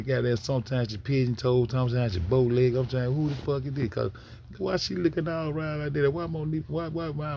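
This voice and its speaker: A man's voice: medium pitch, vocal fry, darkish tone, slight background noise. A man casually commenting on a video for his live chat, loose and profane, rambling with many restarts. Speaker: streamer reacting to a video.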